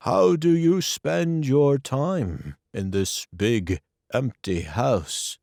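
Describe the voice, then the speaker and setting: Weary, gentle gray-haired gentleman from a storybook, read by a man, slow, kind. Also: mid-range voice, vocal fry, no echo, clean studio sound, pitched above the performer's own voice.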